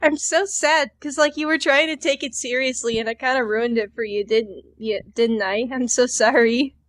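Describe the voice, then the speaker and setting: High-voiced rambling woman podcaster. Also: fairly even intonation, normal speed, fairly bright tone. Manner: rambling, filler-heavy, acts out characters. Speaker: podcast co-host. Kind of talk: casual comedic chat.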